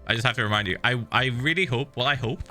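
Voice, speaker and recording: A man's voice: mid-range voice, fast talker, pushed and bright. A British man streaming a game, humming little tunes while he plays and swearing freely as he chats. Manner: hums and scats while playing, swears freely. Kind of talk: casual gaming stream chat. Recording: background music under voice. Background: game music.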